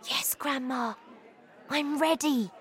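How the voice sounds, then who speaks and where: A woman voicing an excited young boy who has been turned into a mouse, high and eager. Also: slow, a faint crowd. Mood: whispery.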